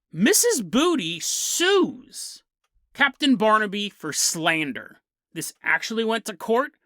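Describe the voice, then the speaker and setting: A man's voice: high-pitched, sharp tone, no room sound, studio quality. A man hosting a podcast, telling a strange story with a comedic bent and chuckling through his jokey asides. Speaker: podcast host.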